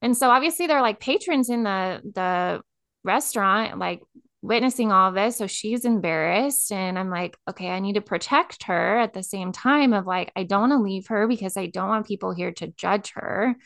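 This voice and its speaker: A woman's voice: mid-range voice, moderate pace, creaky, fairly bright tone, dry recording, clean studio sound. A woman co-hosting a podcast, telling a personal story in casual chat, filling her speech with "like" and getting emotional. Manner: filler-heavy, says "like" constantly, emotional. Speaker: podcast co-host.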